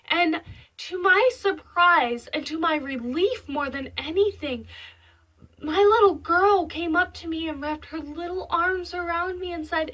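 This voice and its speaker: A woman's voice: extremely high pitch, measured pace, a bit bright. A young mother of five sharing a heartfelt, faith-filled vlog from her bedroom, talking earnestly and with emotion. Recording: voice slightly distant from mic.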